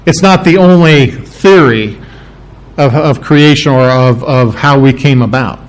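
A man's voice: medium pitch, measured pace, low-quality recording. A man preaching a sermon, explaining verses with emphatic repetition. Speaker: pastor.

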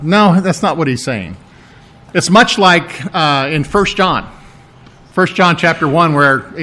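A man's voice: a little high, sharp tone. A middle-aged man, a pastor preaching a sermon in a conversational, explaining manner, often repeating his words.

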